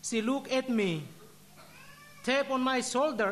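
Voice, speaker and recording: A religious brother giving a solemn sermon, telling a story and ending in prayer with measured, deliberate delivery. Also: male voice, very high-pitched, a bit bright.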